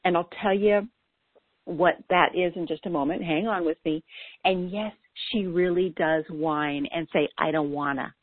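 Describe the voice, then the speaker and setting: A woman's voice: fairly low pitch, a little slow, dry recording. A woman coach with ADHD giving an earnest, lightly playful scripted talk about self-talk. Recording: dry, tinny phone-like sound.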